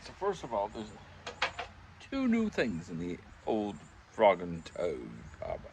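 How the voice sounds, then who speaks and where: A man's voice: lowish voice, wildly swooping pitch, slow, darkish tone, a little hiss or hum. An older man telling rambling, chuckling pub anecdotes in a casual vlog, acting out the voices he quotes. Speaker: vlogger. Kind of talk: casual storytelling. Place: backyard pub shed.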